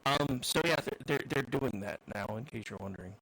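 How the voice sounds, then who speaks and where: A man's voice: medium pitch, a little fast, a bit bright, husky, poor audio. A man co-hosting a radio talk show, rambling jokily with repeated words. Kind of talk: casual chat.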